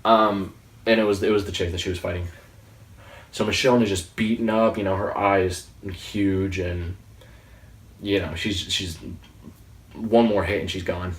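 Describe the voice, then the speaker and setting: A man in his late teens giving a casual, excitable, rambling review of a TV episode. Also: sits low, measured pace, long pauses. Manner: excitable, rambling, with frequent restarts. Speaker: movie reviewer. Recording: roomy sound, distant from the mic.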